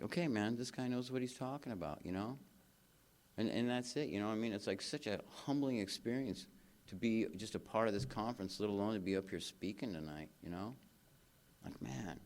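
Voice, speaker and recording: Male convention speaker with a lower-pitched voice; loose, earnest storytelling, heavy on "man" and "you know". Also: a little mellow. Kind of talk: personal recovery share. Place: convention stage before a live audience.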